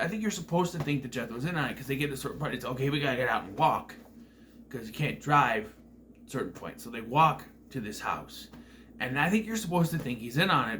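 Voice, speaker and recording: A man's voice: medium pitch, a bit bright, a little hiss or hum. A man giving a casual spoken movie review, exasperated and swearing often. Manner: exasperated, profane ranting.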